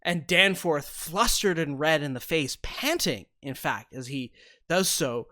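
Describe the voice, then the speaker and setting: A man narrating a tabletop game, slowly. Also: on the high side, animated, pushed and bright, no echo, studio quality. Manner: measured, descriptive storytelling. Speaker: game master.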